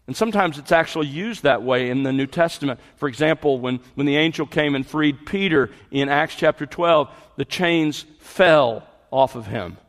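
Middle-aged guy preaching, kinda high voice, long echo like a big church. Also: normal speed, hardly any pauses. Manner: expository preaching with rising emphatic peaks. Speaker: pastor. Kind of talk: sermon. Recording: long hall reverb.

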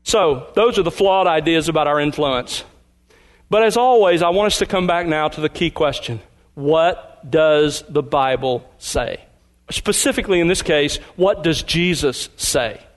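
The preacher, a pastor with a fairly high-pitched voice, delivers an emphatic sermon. As he unpacks the passage, he slows and stresses the key words.

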